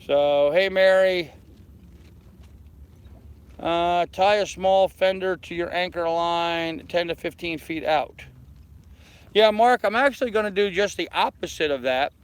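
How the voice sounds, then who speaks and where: A man's voice: sits high, a little slow, long pauses, clean tone. Older man chatting from his boat. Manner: chatty, answers viewers one by one. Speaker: sailing vlogger. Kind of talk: live-stream chat reading comments. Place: aboard a small anchored sailboat outdoors. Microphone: phone held in hand.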